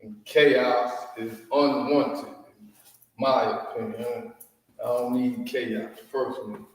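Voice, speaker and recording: A man teaching a class in a slow, informal way, asking his students for questions, recorded from far off in a large echoey room. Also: mid-range voice, level tone.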